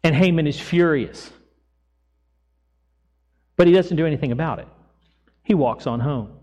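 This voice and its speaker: Pastor with a high voice in a hall. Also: male voice, moderate pace, darkish tone. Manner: storytelling sermon, acting out quotes casually. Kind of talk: sermon. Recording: long echo of a church hall.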